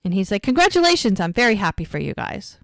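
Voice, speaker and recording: A woman co-hosting a rewatch podcast, casually retelling scenes and quoting the characters in quick bursts. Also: on the low side, gravelly, no room sound, clean studio sound. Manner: chatty, quotes characters in quick lively bursts. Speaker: podcast co-host recapping episodes.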